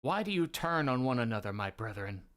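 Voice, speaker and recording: A man's voice: mid-range voice, big pitch swings, a bit bright. A man reading a manga aloud and voicing a solemn, older giant king. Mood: grave. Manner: grave and measured.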